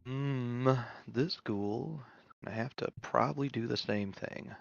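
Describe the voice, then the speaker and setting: A man narrating as game master in a relaxed, easygoing way. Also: mid-range voice, normal speed, gravelly, dry recording, muffled recording. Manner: relaxed, easygoing, chewing while talking.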